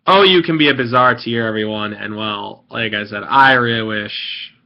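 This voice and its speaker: A man's voice: on the low side, normal speed, vocal fry. Salty rambling young man, lo-fi audio. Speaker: gaming video creator. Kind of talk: rambling gaming commentary rant.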